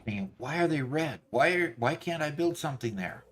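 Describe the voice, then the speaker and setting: A man streaming a factory-building game, thinking aloud in a halting, self-correcting way while fighting off hiccups. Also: fairly high pitch, expressive, a little hiss or hum. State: has hiccups. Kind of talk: casual gameplay chat.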